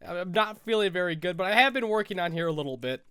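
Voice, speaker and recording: A man's voice: high voice, big pitch swings, rapid-fire, pushed and bright, clear, resonant tone, dry recording, studio quality. A young American man with a cold, stuffy and sniffling, rambling through casual gameplay commentary as a Minecraft YouTuber. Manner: rambling, self-correcting, sniffling.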